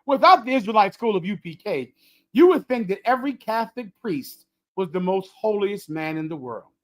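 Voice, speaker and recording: A man's voice: high voice, very animated, moderate pace. A man leading a livestreamed religious lesson, preaching emphatically in a lecturing, repetitive cadence. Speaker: religious group leader.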